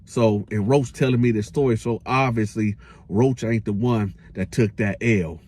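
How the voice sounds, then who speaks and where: A man hosting a casual storytime, telling a prison tale in animated slang with his own sound effects. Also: fairly low pitch, moderate pace, husky. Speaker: storyteller host.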